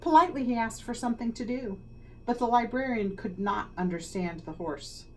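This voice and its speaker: A woman, a school leader, reading a children's picture book aloud with expressive, dramatic storytelling. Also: on the high side, moderate pace. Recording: slightly distant mic, faint noise.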